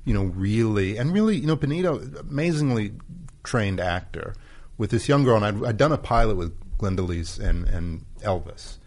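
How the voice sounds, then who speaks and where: Low-ish voiced director guy, thoughtful, rambles and restarts a lot. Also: expressive, normal speed, a little mellow. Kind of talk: casual chat.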